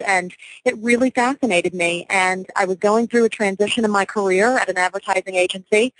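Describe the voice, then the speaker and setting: A woman's voice: medium pitch, dry recording, low-quality recording. A woman in her forties from Louisiana, a real estate broker, talking confidently and energetically as a guest in a radio interview.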